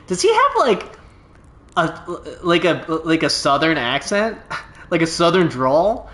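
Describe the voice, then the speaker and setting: A man's voice: on the high side, big pitch swings, slow pace, fairly bright tone. A man hosting a gaming video, giving casual, enthusiastic commentary as he plays. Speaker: gaming channel host. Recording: roomy echo.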